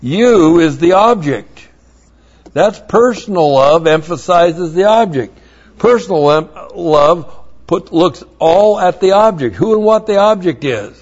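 A man's voice: sits high, expressive, measured pace, darkish tone, muffled recording. A man preaching a sermon, emphatic and blunt, with mocking asides.

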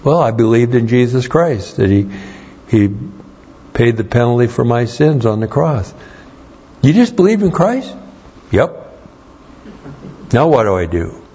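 A pastor preaches in a plain, conversational way, weaving stories from his own life between teaching points. His medium-pitched voice is very animated yet a little slow, with long pauses and a dark, slightly rough tone. The audio is dull.

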